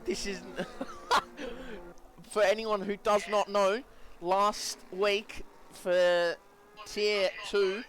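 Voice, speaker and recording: A man's voice: high-pitched, fairly even intonation, drawn-out words, long pauses, a bit bright. A man co-commentating a sim racing session, easygoing, laughing along and reading out the timings. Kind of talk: live esports co-commentary.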